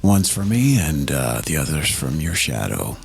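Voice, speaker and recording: A man's voice: very animated, moderate pace, soft background music, heavily acted. A man voicing a brooding, mopey character who puts on an Australian accent. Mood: gruff. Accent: put-on Australian. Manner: low, gruff, subdued.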